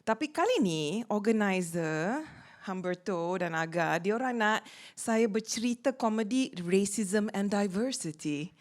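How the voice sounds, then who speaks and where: A woman's voice: mid-range voice, expressive, normal speed. A woman from Malaysia doing playful, teasing, mock-boastful stand-up comedy on a small theater stage.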